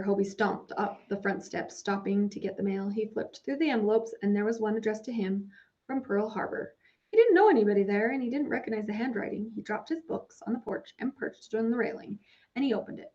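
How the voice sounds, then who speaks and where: A woman narrating a children's novel in a measured storytelling manner. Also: medium pitch, darkish tone. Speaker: audiobook narrator. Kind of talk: scripted narration. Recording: dull lo-fi recording.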